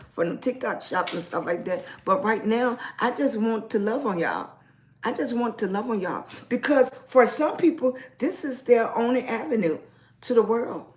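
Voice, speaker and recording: A woman talks into her phone on a casual livestream. She speaks in an earnest, repetitive, preacher-like way and greets her viewers with warm affection. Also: medium pitch. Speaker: lifestyle livestreamer.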